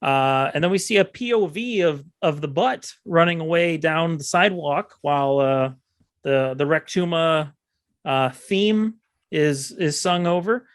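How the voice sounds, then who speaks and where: Slow, halting man recapping a film. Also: a little high, creaky, dry recording, studio quality. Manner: slow, halting, many ums and uhs. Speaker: podcast co-host recapping a film. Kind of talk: casual movie recap chat.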